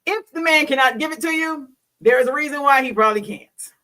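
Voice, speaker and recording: A woman's voice: high voice, a little fast, pushed and bright, distant mic, rough recording. Frank middle-aged woman, a bit off-mic. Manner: frank and bawdy, preachy, laughs often. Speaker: host; hospital worker. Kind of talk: candid solo talk.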